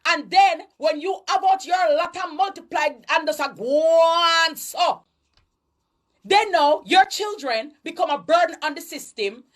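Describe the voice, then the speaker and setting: A woman's voice: very high voice, expressive, unhurried, fairly bright tone. A woman with a Jamaican accent giving an emphatic, preachy social commentary monologue, lecturing and slipping into patois. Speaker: online commentator.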